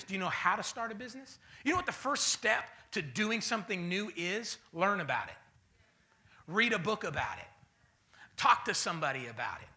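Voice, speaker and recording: A man preaching a sermon as pastor, swinging between loud bursts and mocking voices. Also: high-pitched.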